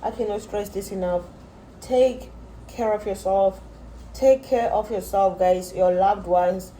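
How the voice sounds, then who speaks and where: A woman's voice: medium pitch, measured pace, dark tone, a little hiss or hum, poor audio. A young woman from South Africa rants straight to her viewers, repeating herself, restarting sentences and calling them guys. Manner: repetitive, addresses viewers as guys, many likes and restarts. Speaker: vlogger. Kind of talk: frustrated direct-to-camera rant.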